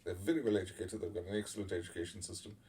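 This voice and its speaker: A man giving casual spoken commentary, blunt and sardonic, swearing freely and pausing often on fillers. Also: deep voice, steady tone, dark tone. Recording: voice a little far from the mic.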